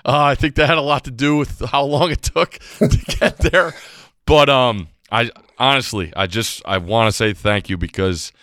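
A man co-hosting a sports podcast, speaking earnestly in halting phrases. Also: mid-range voice, a bit bright, no echo, clean studio sound. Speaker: podcast co-host. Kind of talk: casual sports podcast chat.

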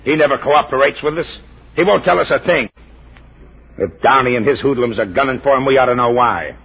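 An actor playing a gruff, sarcastic police lieutenant in a 1940s radio drama. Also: male voice, mid-range voice, fairly quick. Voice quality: gravelly, raspy. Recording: muffled 1940s radio recording.

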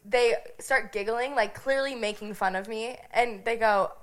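A young woman from Nebraska telling a lively story on a podcast, laughing often and filling her talk with "like". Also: a little high, measured pace. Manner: animated, giggly, lots of "like" fillers. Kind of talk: casual storytelling chat.

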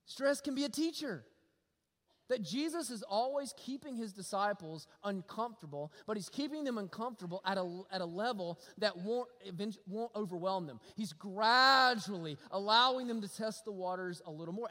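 High-voiced preacher in a reverberant hall. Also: male voice, normal speed. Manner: animated, folksy preaching with humor and repetition. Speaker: pastor. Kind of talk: sermon.

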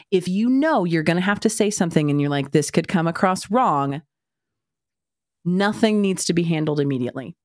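A woman's voice: fairly low pitch, no room sound, clean studio sound. A woman in her thirties co-hosting a parenting podcast, talking frankly with casual swearing and wry asides. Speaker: parenting podcast co-host and author. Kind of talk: casual chat.

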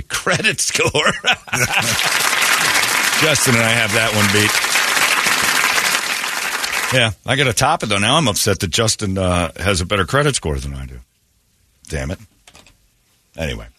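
An American man hosting a morning radio show, rambling and joking with quick asides into a studio microphone. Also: deep voice, pushed and bright, a little hiss or hum.

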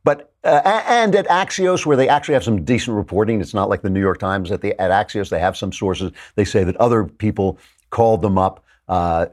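A man's voice: fairly low pitch, a little fast, darkish tone. A male host giving sarcastic political commentary, reading quotes aloud and mocking them as he goes. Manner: reads quotes aloud and interjects.

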